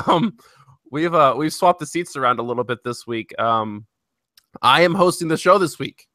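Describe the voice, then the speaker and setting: A man's voice: fairly high pitch, expressive, moderate pace, bright, forceful tone, no room sound, studio quality. A man hosting a casual gaming podcast, laughing often between his words. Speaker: podcast host.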